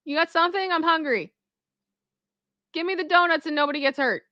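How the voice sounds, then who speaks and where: A woman's voice: very high-pitched, fairly quick, sharp tone, dry recording, highs cut off, voice pushed up. A woman voicing a hungry, cocky male bear who talks tough and demands donuts. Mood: swaggering. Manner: swaggering street-tough talk.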